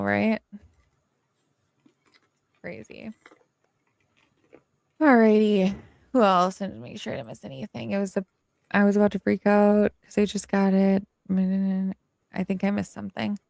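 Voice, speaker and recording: A chatty woman co-hosting a livestream, her voice gravelly with a touch of fry. She leans on fillers as she talks and reads out the chat. The sound is dry, with almost no room. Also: medium pitch, dry recording. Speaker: livestream co-host.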